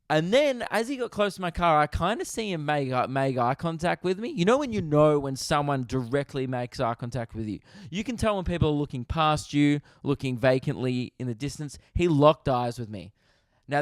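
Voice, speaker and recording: A man's voice: on the high side, no echo, studio quality. Australian man telling a funny story. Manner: animated, swearing, laughing anecdotes. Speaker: podcast host. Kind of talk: comedic storytelling monologue.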